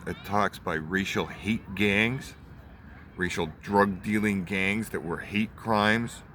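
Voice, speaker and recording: A young man in his twenties vents in a heated, profane rant that circles back on itself. His voice sits a little low, and he is recorded outdoors with clear traffic noise rolling past behind him. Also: a bit bright. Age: 20s. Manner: heated, repetitive, swears often. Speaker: vlogger.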